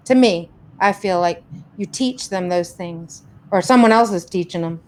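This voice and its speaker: A woman's voice: medium pitch, unhurried. A woman hosting a casual live stream, chattily greeting viewers by name and reading their questions. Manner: warm greetings, chatty, rambling. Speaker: host reading viewer comments.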